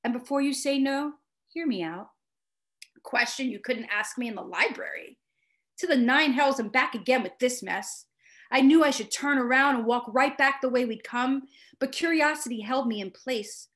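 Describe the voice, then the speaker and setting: A woman author reads her own first-person story aloud. Her narration is expressive and storytelling, delivered in a fairly high voice. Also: normal speed.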